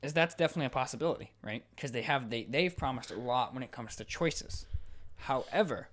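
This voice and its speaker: A man co-hosting a podcast in casual chat, excitable and profane, talking in quick bursts. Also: mid-range voice. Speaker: podcast co-host. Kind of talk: casual chat about video games.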